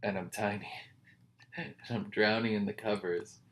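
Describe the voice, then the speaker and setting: A gloomy, fretful male superhero who keeps shrinking, spilling his woes in a mopey, confessional tone, as a man puts him on. The voice sits a little low. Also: fairly even intonation, unhurried, fairly bright tone.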